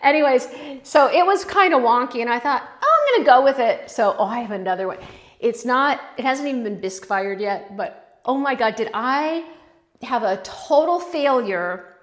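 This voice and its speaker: A woman's voice: on the high side, animated, moderate pace. Chatty, rambling woman pottery vlogger. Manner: rambling, chatty, self-interrupting, warmly emotional. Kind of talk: casual chat.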